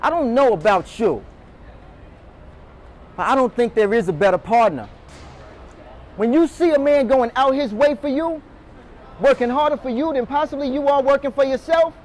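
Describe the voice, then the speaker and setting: A man's voice: extremely high pitch, slight background noise. A man giving a motivational talk to a room of door-to-door salespeople, quizzing them and calling on them to answer. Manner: energetic, calls on the audience, quizzes the room. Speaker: motivational speaker. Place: meeting room with a live audience.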